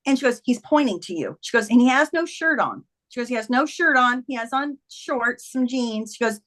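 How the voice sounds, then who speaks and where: Earnest woman telling a personal story. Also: a little high. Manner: earnest, animated retelling with quoted dialogue. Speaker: guest, memoir author. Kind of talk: conversational storytelling.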